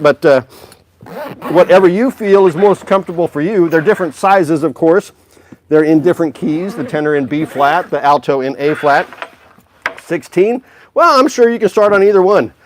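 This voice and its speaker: A man hosting a casual music store livestream, upbeat and chatty, greeting viewers by name. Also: fairly high pitch.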